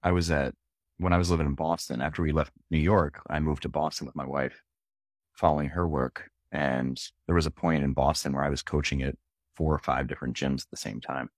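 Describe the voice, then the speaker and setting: Fitness coach from Philly, extremely deep male voice, earnest and easygoing, dry close sound. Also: fairly even intonation, a little fast, no echo. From Philadelphia. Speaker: CrossFit coach and gym owner. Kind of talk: casual interview chat.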